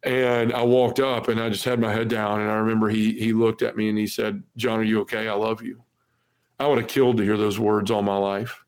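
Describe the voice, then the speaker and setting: A man's voice: on the low side, little pitch movement, a little fast, hardly any pauses, clean tone. A middle-aged man, a podcast guest earnestly telling a personal story and acting out the voices of others. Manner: earnest, acts out quoted voices.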